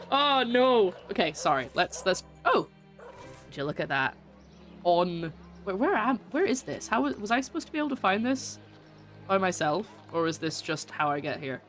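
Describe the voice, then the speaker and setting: A woman's voice: fairly low pitch, fairly bright tone. A woman streaming a game, giving casual, giggly, rambling commentary.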